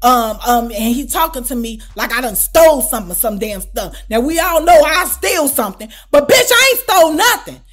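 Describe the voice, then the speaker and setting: High-voiced, animated storytelling woman. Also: a little fast, few pauses, faint music behind. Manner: animated, loud and profane, exclamatory. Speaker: storytime vlogger. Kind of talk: casual storytime.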